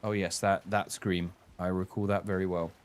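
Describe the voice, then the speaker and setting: A man giving rambling live-stream commentary while he plays, swearing and reacting out loud. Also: low voice, level tone, normal speed. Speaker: gaming streamer.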